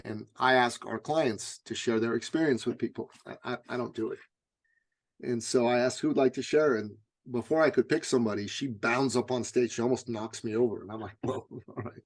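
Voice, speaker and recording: A middle-aged man, speaking briskly at a middling pitch, recounts a personal story as an interview guest. He tells it vividly, often stumbling over repeated, stammered starts before pressing on.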